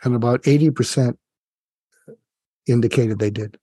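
Warm-voiced man telling a story. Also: mid-range voice, normal speed, pauses often, husky, no room sound, studio quality. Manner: vivid, addresses host directly, engaging. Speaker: psychiatrist guest. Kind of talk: conversational storytelling.

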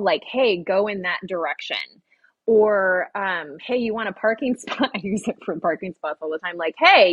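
A woman's voice: mid-range voice, husky, no room sound, lo-fi sound. A woman on a podcast as a guest, earnestly explaining ideas and acting out inner voices in a casual conversational way. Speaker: podcast guest, intuition teacher.

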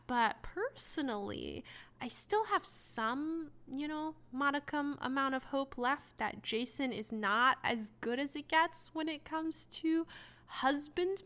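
Sarcastic high-voiced woman reviewer. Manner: sarcastic, animated, sharp. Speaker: book review podcast host. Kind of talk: casual sarcastic commentary.

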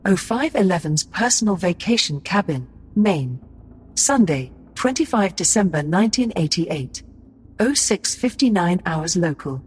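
A woman reading place and time headings in a crisp, formal way. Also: lowish voice, expressive, measured pace, a little mellow. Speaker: scene-heading reader. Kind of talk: scripted narration. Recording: long hall reverb.

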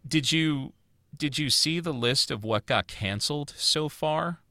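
Bright-voiced man ranting casually. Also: on the high side, a little slow, no echo, studio quality. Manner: ranting, loose and profane. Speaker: podcast host. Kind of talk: casual chat.

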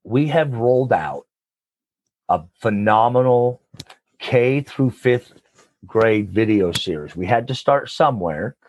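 A man being interviewed as a guest, a nonprofit leader and coach, talking with animated, preacher-like enthusiasm and call-and-response. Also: medium pitch, slow, no echo, muffled recording.

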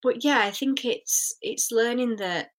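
A woman's voice: fairly high pitch, a little slow, fairly bright tone. A young woman, a spiritual coach, talking earnestly and reflectively in a podcast interview, with many fillers.

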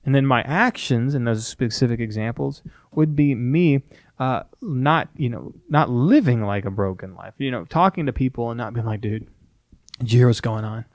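A man's voice: medium pitch, moderate pace, no echo, clean studio sound. A man, a pastor, explaining ideas in a casual, earnest teaching discussion and acting out quoted examples. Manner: earnest, conversational, animated quoting.

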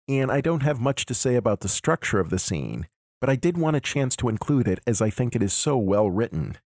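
A man hosting a podcast, giving a measured, analytical lecture. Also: medium pitch, a little mellow, dry recording, clean studio sound. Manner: measured, explanatory. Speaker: podcast host.

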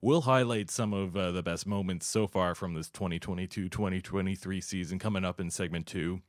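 A man hosting a sports podcast, chatting casually and warmly with many fillers. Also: sits low, steady tone, fairly quick, dry recording, clean studio sound. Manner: friendly, chatty, with frequent uh fillers. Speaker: podcast host.

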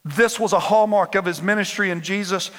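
Emphatic man preacher with a high, bright voice; a church hall rings behind him. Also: a little fast. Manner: emphatic, repetitive call-and-response preaching. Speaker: pastor. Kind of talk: preaching a sermon. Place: church sanctuary. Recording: long hall reverb.

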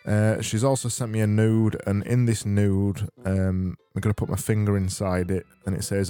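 Deadpan podcast host. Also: male voice, on the low side, moderate pace, few pauses, clean tone, faint music behind. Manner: deadpan, rambling and self-mocking, with stumbles. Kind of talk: comedic podcast monologue.

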